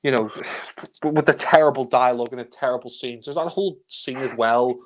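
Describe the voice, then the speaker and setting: A man reviewing films in a casual chat, exasperated and swearing freely, sometimes mimicking characters with shouts. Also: medium pitch, normal speed, slight background noise. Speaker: film reviewer. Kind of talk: casual film discussion.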